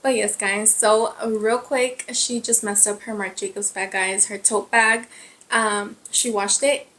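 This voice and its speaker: Excitable woman chatting to her viewers. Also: mid-range voice, a little slow. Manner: excitable, says "guys" constantly. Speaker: craft vlogger. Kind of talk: casual chat to camera.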